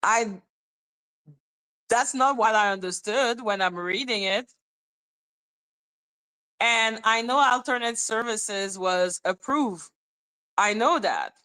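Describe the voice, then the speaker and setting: A woman's voice: a little high, slow, long pauses, bright, forceful tone. A woman hosting a casual livestream, reading court documents aloud and bantering with her chat. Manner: chatty, muttering while reading, bantering with chat. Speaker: livestream host.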